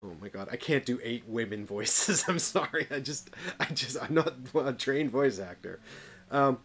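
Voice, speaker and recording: A man's voice: medium pitch, animated, moderate pace, fairly bright tone. Hesitant man narrating a solo board game. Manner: hesitant, self-deprecating, full of asides. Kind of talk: casual narration of a tabletop game.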